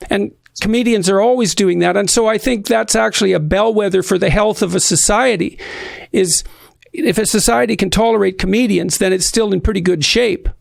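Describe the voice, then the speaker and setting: A man interviewing his guest, speaking thoughtfully in a measured, halting way with frequent restarts. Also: high voice, creaky, dry recording. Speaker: interviewer, psychology professor.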